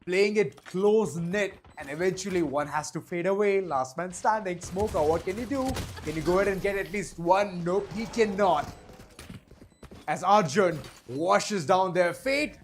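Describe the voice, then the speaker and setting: High-voiced hyped esports caster man. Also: moderate pace, few pauses, slight background noise. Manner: energetic, building hype. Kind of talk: play-by-play esports commentary.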